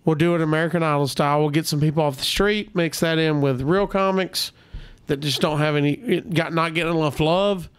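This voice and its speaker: A man's voice: fairly high pitch, brisk, clean tone. A man, a comedian guest, telling stories in casual podcast chat and acting out the people he quotes. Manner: animated storyteller, acts out quotes.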